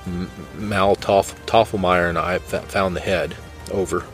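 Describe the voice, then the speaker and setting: A man's voice: deep voice, normal speed, a little mellow, soft background music. A man voicing a shaken young female field agent who stammers. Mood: rattled. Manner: stammering, rattled.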